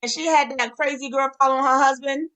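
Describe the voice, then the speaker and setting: A woman from New York with a New York accent, hosting a podcast in lively, slangy casual chat. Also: sits high, fast talker. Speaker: podcast host.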